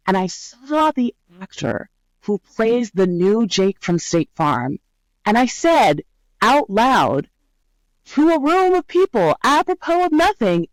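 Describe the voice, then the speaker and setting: A woman's voice: mid-range voice, no echo, rough recording. A woman guest on a podcast interview who tells stories with energy and often checks in with "right?". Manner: lively storyteller, often adds "right?". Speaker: guest, brand scientist.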